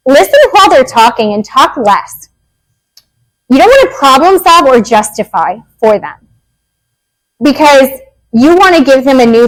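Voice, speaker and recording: A woman in her thirties, a behavior analyst, giving a casual, animated workshop talk to parents in a meeting room and acting out quoted lines. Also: sits high, rough recording. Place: meeting room with a live audience.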